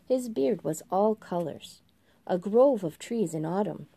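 Slow, mellow woman narrating a story. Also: medium pitch, animated, gravelly, dry recording. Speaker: podcast host reading a story.

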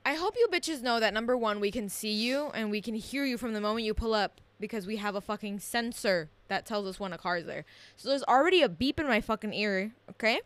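A woman's voice: mid-range voice, lively intonation, a little fast. A young woman co-hosting a podcast in casual chat, blunt and profane as she rants. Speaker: podcast co-host.

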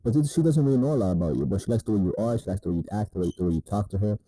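A man's voice: lowish voice, animated, very fast, mellow, no room sound, low-quality recording. A man giving laid-back, profane dating advice in a rambling casual monologue, often asking "you know what I mean".

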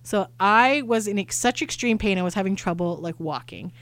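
A woman's voice: mid-range voice, animated, moderate pace, a bit bright, no echo. Chatty woman rambling through a story. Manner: chatty, rambling, self-deprecating. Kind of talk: casual storytelling chat.

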